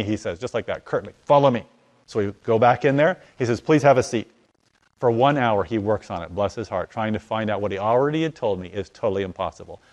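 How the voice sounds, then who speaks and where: A man telling a story in conversation, acting out the dialogue as his voice swings from loud to hushed. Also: on the low side. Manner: animated, acts out dialogue with voice rising and falling. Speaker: guest telling a testimony.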